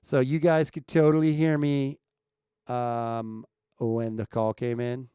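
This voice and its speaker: A man's voice: medium pitch, level tone, slow, mellow, smooth, dry recording, clean studio sound. A man chatting casually with viewers on a live stream, checking his mic and asking the chat questions as he talks. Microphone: streaming mic at home setup.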